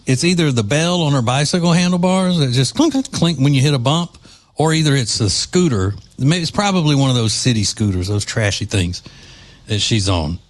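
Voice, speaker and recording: Lively mocking male podcast host. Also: medium pitch, normal speed. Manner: mocking, sarcastic, chatty asides. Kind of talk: political commentary podcast.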